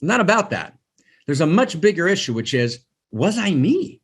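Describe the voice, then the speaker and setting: Man, spiritual teaching talk, husky voice, very animated pitch, emphatic, repetitive. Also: moderate pace. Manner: emphatic, repeats phrases, asks "right?".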